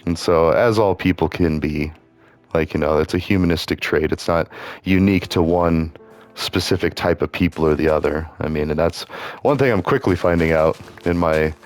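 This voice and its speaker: Low-voiced male gaming host, loose and rambling casual commentary. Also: moderate pace, soft background music. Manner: rambling, loose, full of "like" and asides.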